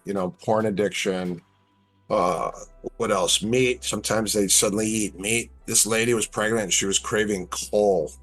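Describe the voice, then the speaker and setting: Brief: middle-aged male guest, low voice, animated storyteller. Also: normal speed, faint music behind. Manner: animated storyteller, acts out quoted lines. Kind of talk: casual storytelling chat.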